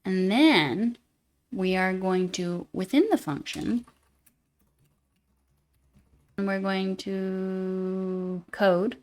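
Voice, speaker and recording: A young woman live-streams while coding, thinking aloud, joking at her own expense and answering viewer chat as she goes. Her medium-pitched voice is darkish in tone and she speaks very slowly.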